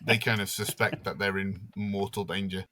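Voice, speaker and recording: Podcast host guy, bright clear voice, chatty and amused, dry mic. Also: low voice, fairly even intonation, moderate pace, dry recording. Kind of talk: casual chat about a film.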